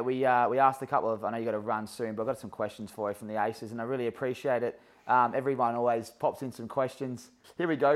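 Chummy Australian man hosting a podcast. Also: medium pitch. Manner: friendly, laughs along, matey slang. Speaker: podcast host. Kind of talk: casual podcast chat.

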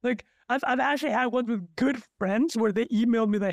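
A man's voice: very high voice, a little fast, dry recording. A man co-hosting a podcast, joking and emphatic in casual chat. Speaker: podcast co-host.

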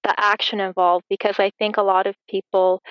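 A woman hosting a podcast interview, affirming her guest and giving soft backchannels. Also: medium pitch, flat delivery, fairly quick, no echo. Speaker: podcast host. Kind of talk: interview conversation. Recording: dull lo-fi dry audio.

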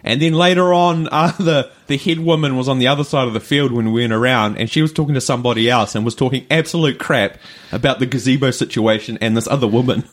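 A man's voice: mid-range voice, fast. Male podcast co-host, New Zealand accent, mid-range voice, loose anecdotal delivery. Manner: rambling anecdotes with fillers and laughs. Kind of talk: casual chat, storytelling.

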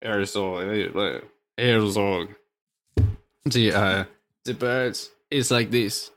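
A man imitating a gloomy older German filmmaker in a low, hushed, put-on German accent. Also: steady tone, extremely slow. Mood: brooding. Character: weary older male filmmaker, gloomy, haunted.

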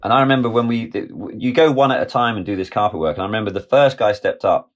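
A man's voice: fairly low pitch, fast talker. A man in his forties, a film director guest, telling a candid personal story with emphatic, freely profane speech. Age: 40s.

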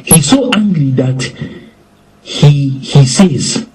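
A man preaching with animated delivery, acting out quoted lines in shifting voices. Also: a little high, measured pace, rough recording. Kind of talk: lively preaching in conversation.

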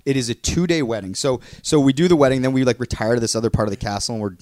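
Guy rambling excitedly, talks super fast, dry close sound. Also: mid-range voice, dry recording. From Canada. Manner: excitable, rambling, heavy use of "like" fillers. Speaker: podcast co-host. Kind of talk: casual chat, storytelling.

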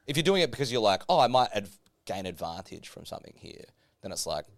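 A man's voice: fairly low pitch, very animated, quick pace, no echo. A man co-hosting a podcast in casual chat. He talks bluntly and fills his speech with "like" and "right?". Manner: blunt, filler-heavy, lots of "like" and "right?". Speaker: podcast co-host.

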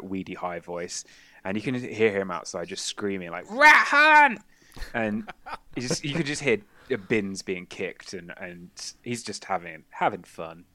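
A man's voice: lowish voice, no echo. A man narrating a tabletop role-playing game as game master, telling the scene with laughs. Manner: laughing, animated storytelling.

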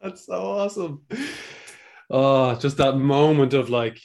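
A man's voice: medium pitch, lively intonation, slow, vocal fry, a little mellow. A man hosting a hiking podcast, chatting casually and enthusiastically, often repeating words as he thinks. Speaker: podcast host. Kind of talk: casual interview chat.

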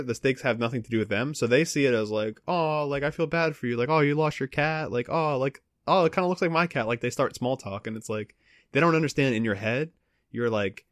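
A young man co-hosting a podcast, talking in an animated way, swearing often and acting out quotes. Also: medium pitch, dry recording, clean studio sound. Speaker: podcast co-host. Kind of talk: casual chat.

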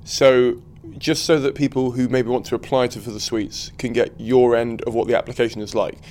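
A man's voice: mid-range voice, little pitch movement, a little mellow, a little hiss or hum. A man, a performer, interviewing a guest in a friendly, casual chat. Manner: quick, friendly, many fillers and restarts.

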